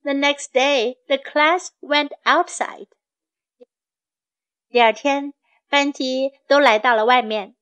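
High, slow woman reading to kids. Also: fairly bright tone. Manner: slow, clear, repeating phrases for learners. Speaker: storyteller and English tutor for children. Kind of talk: bilingual storybook reading for children.

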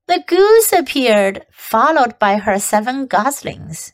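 Female teacher narrator, high voice, slow gentle storybook read-aloud. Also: very animated. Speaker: English reading teacher.

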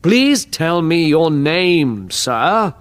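A man voicing a calm, confident, kindly detective in an audiobook, speaking gently and reassuringly. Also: a little high, drawn-out words, clean tone, voice pushed up, exaggerated voice. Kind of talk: audiobook character reading.

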